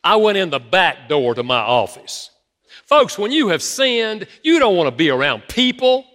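A man preaching a sermon to his congregation, telling stories from his own marriage in a lively storytelling manner. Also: high-pitched, normal speed. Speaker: pastor. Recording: long reverb of a large hall.

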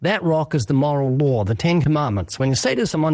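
A man preaches in an interview in an earnest, emphatic voice that sits a little high. He acts out quick exchanges to make his point. The recording is dry and close. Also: sing-song, a little mellow, no echo. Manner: earnest, emphatic, sermon-like with acted dialogue. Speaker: evangelist guest.

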